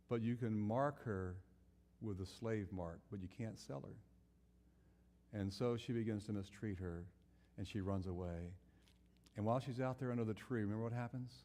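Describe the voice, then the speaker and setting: A man's voice: lowish voice, normal speed, pauses often, mellow, big-room sound. A man preaching a sermon, telling a Bible story and asking his listeners questions. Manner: storytelling, acts out biblical characters' voices; asks the audience questions.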